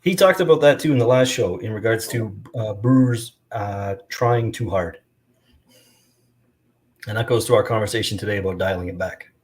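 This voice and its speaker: A man hosts a casual beer chat in a relaxed, conversational manner. His voice sits fairly low. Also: normal speed. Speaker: host.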